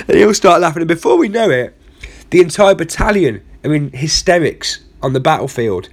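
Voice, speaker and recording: A man's voice: fairly high pitch, animated, brisk, husky. A man hosting a comedy podcast, telling a rambling, self-mocking story full of asides. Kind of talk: comic storytelling monologue.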